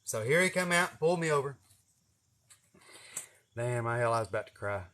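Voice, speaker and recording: A man's voice: mid-range voice, animated, moderate pace, a bit bright. Man, 40s; folksy, profane storyteller who chuckles as he goes. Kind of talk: casual storytelling to camera.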